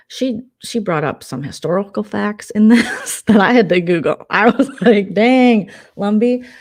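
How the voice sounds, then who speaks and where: A woman hosting a vlog, chatting casually with a sarcastic, chatty manner. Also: mid-range voice. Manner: sarcastic, chatty, tangent-prone. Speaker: vlogger host. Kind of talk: casual gossip commentary.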